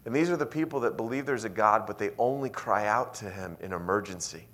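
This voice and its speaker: A man pastor preaching a sermon in a church, telling a story with animated swings from hushed, intimate lines to loud, emphatic ones. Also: on the low side.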